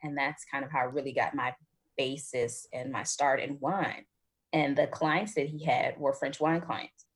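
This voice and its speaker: A woman from the United States talks as a wine expert guest in an interview, chatty and animated, wandering off on tangents. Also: rumbling low, normal speed, husky. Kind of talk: conversational interview answers.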